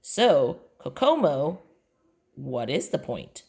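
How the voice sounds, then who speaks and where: A woman's voice: deep voice, sing-song, slow, gravelly, darkish tone, heavily acted. A woman doing a dry, teasing storybook mom. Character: calm teasing mother, middle-aged. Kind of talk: children's book read aloud.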